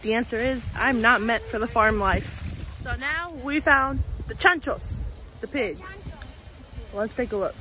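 A woman's voice: a little high, unhurried, pushed and bright. A young woman vlogging on a farm, playful and laughing, cooing at the animals, filmed on a handheld camera. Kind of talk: casual vlog narration. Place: outdoors on a farm. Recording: noisy outdoor farm recording.

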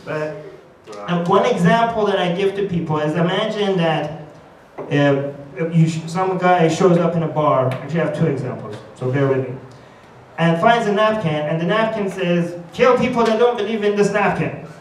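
A man giving an argumentative conference talk, animated and acting out quoted voices as he builds his case. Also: high-pitched, normal speed. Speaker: conference speaker. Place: conference hall. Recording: echoey hall, distant mic, faint noise.

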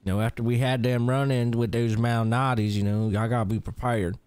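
A man's voice: medium pitch, level tone, a little fast, darkish tone, smooth, no echo. A man with a mid-range voice hosts a live role-play stream. He jokes, teases his friends and laughs a lot in easy, casual banter. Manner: laughing, teasing, showing off.

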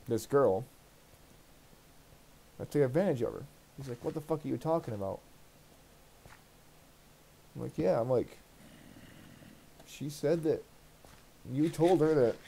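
A man with a dark, mellow voice at an ordinary middle pitch chats into his gaming mic. He retells a personal grievance in a loose, rambling way, swearing freely and sounding put out. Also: a little hiss or hum. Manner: rambling, profane, aggrieved retelling. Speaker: let's play host. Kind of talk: casual storytelling while gaming.

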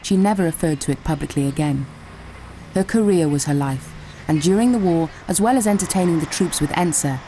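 Woman narrator, scripted, low and dark-toned, soft music bed. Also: a little fast, a little hiss or hum. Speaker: documentary narrator.

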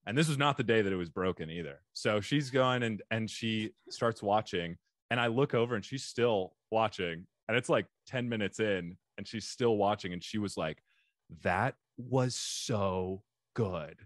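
A man's voice: fairly low pitch, normal speed, no room sound, studio quality. A middle-aged man hosting a podcast, chatting with a guest as an enthusiastic fan who laughs often. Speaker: podcast host. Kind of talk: casual interview chat.

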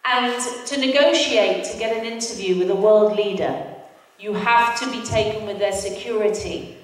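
A woman's voice: medium pitch, normal speed. British woman telling a story in an echoing hall. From Britain. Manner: lively storyteller who acts out voices. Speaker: guest speaker. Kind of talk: personal testimony talk. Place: large hall, mosque event. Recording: echoey hall from far off.

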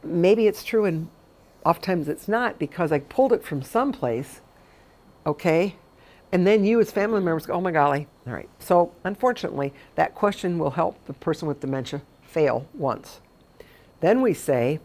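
Low-voiced woman, chatty storyteller. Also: expressive, a little fast, a little mellow. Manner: chatty storyteller, emphatic repetitions. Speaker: memory care consultant and speaker. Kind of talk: informal talk to caregivers.

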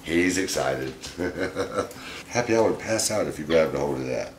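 A middle-aged man talking fondly and gently to his pet monkeys in a casual home vlog. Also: extremely low pitch, expressive, normal speed, roomy sound, slight background noise. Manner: gentle, doting, chuckling baby talk to pets.

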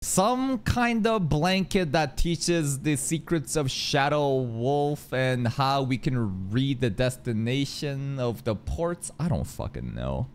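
A man reacting live to an anime episode, excitable and profane, jumping between loud outbursts and low mutters. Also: takes it slowly, few pauses, clean tone.

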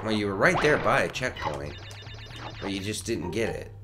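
A man's voice: fairly low pitch, big pitch swings, normal speed, over music. A man co-hosting a gaming video, teasing his friend in casual banter. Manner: teasing, jokey. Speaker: let's play co-host.

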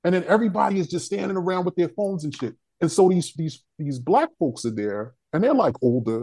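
A young adult man telling a story on a discussion panel, profane, animated and emphatic. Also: high voice, a little fast, husky.

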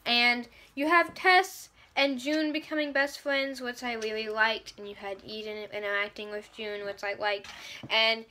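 A woman's voice: fairly high pitch, steady tone, measured pace, pushed and bright. A young woman reviewing a book in a casual vlog, gushing and dramatic as she acts out her own reactions.

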